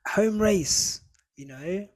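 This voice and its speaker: A man co-hosting a casual podcast chat, animated, teasing and pushing his guests for answers. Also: high voice, drawn-out words. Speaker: podcast co-host. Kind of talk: casual chat about motor racing.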